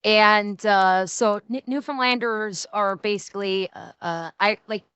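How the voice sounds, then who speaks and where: A woman's voice: mid-range voice, unhurried, fairly bright tone, clear, resonant tone, dry recording. A woman with a Midwestern American accent, chatting casually on a stream and laughing often.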